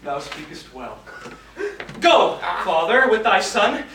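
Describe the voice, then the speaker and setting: A man playing an earnest young gentleman in an amateur stage play, declaiming verse with shifting emphasis. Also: sits high, big pitch swings, slow pace, exaggerated voice. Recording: roomy hall, far camera, noise.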